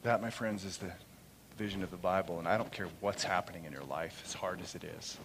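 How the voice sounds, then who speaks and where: A middle-aged man preaching a sermon in church, impassioned, moving between loud proclamation and soft, quiet storytelling. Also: low-pitched, brisk, noisy background. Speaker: pastor. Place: church sanctuary during a service. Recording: long hall reverb.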